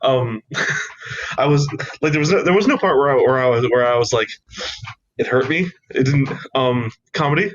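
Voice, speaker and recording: A man's voice: mid-range voice, moderate pace, muffled recording, a little hiss or hum. A young man co-hosting a podcast, talking casually and hesitantly with many restarts. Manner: hesitant, lots of fillers and restarts. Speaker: podcast co-host. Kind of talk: casual chat.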